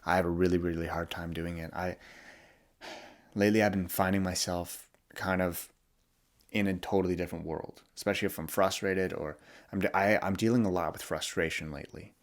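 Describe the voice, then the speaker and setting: A young man hosting a podcast, talking candidly and vulnerably in a reflective monologue, often halting and restarting. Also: deep voice, fairly even intonation. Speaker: podcast host.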